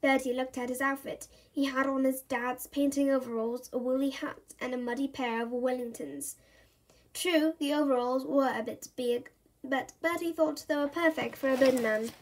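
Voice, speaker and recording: A woman reading a children's storybook aloud in an animated, expressive way. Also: high voice, normal speed. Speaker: storybook reader.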